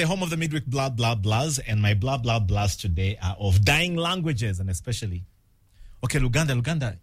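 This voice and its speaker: A man's voice: on the low side, no room sound. A man from Uganda, hosting an afternoon radio show with playful, jokey patter and a live ad read. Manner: playful, jokey, lively delivery. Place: radio studio. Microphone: studio microphone.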